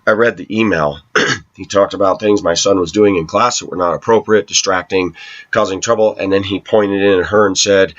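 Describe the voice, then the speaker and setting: A man talking to his viewers in a long personal monologue, aggrieved and telling his side, often clearing his throat. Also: low voice, fairly even intonation, moderate pace, a bit bright. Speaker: vlogger addressing viewers. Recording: slightly dull lo-fi recording.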